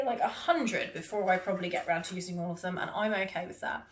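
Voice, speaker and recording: Speaking fast in a lowish voice, a beauty vlogger chats to camera about her latest buys in a loose, rambling haul, often teasing herself. The recording has an echoey room sound and faint noise.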